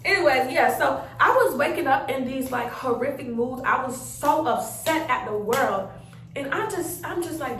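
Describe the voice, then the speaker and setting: A young woman tells a story in a casual, chatty way, acting out her own reactions. Her voice sits high. She sounds a little away from the mic in a roomy space at home. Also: expressive, moderate pace, fairly bright tone, distant mic, slight background noise. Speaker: vlogger telling a story.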